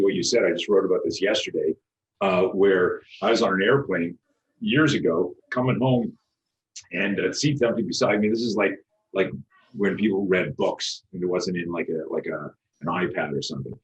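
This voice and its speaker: A middle-aged man, a self-defense instructor, telling stories in an animated way, acting out the dialogue and swearing now and then. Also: low voice, a little fast, a little hiss or hum, poor audio. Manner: animated, acts out quoted dialogue, frequent restarts, swears. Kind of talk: animated storytelling interview.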